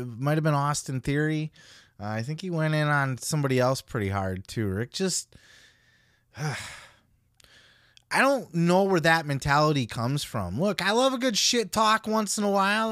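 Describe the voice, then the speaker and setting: A man's voice: fairly high pitch, fairly bright tone, no room sound, studio quality. A man hosting a podcast, giving casual solo commentary in a blunt, profane, opinionated way. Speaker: podcast host.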